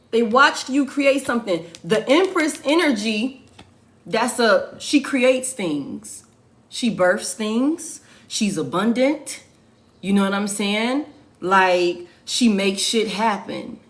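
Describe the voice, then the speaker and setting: A woman's voice: mid-range voice, fairly bright tone. A woman giving a casual tarot reading, swearing freely and repeating her points for emphasis. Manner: profane, emphatic, repeats phrases. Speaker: tarot reader.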